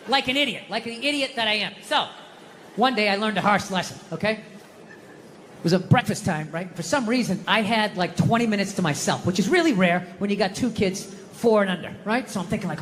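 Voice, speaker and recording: A man's voice: extremely high pitch, animated, a little fast, a bit bright, big-room sound, a little hiss or hum. A middle-aged man doing stand-up comedy, telling a story in a profane, exasperated and self-mocking way. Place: comedy stage before a live audience.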